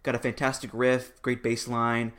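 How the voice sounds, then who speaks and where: A man's voice: mid-range voice, monotone, normal speed, a bit bright, smooth. A man co-hosting a podcast, giving wry, joking opinions in casual chat. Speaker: podcast co-host.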